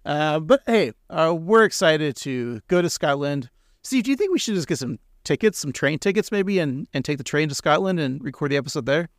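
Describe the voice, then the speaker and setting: A man's voice: fairly high pitch, expressive, brisk, no echo, clean studio sound. A man co-hosting a casual podcast, rambling and joking, laughing often. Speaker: podcast co-host.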